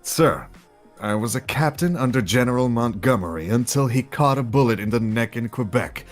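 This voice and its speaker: A man's voice: medium pitch, expressive, moderate pace, faint music behind, close to an everyday voice. A man playing a stammering eager young officer. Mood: deferential. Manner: stammering, deferential. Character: polite, eager young male officer seeking favor. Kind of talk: live dramatic read-through of a musical.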